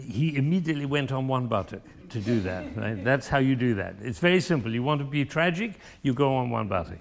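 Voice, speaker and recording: A man's voice: medium pitch, expressive, brisk, hardly any pauses, soft background music. A man coaching a cellist in a masterclass, singing phrases aloud to demonstrate and pressing for expression. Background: cello playing.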